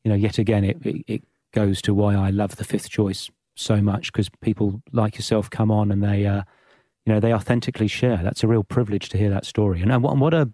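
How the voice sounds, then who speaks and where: A man hosts a podcast interview, responding gently and tripping over a few words as he speaks. His voice sits somewhat low. The sound is dry and close, with no echo. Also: fairly even intonation, fairly quick. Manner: gentle, warm-hearted, stumbling restarts. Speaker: podcast host. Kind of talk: conversational interview.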